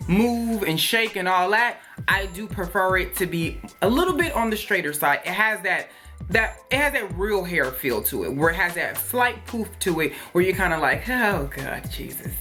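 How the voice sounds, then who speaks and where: A woman chats casually through a hair review, rambling with fillers and joking along the way. Her voice is bright and forceful yet sits slightly low, with soft music playing faintly behind. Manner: chatty and rambling, with many fillers and asides; playful, jokes and laughs. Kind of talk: casual product review chat.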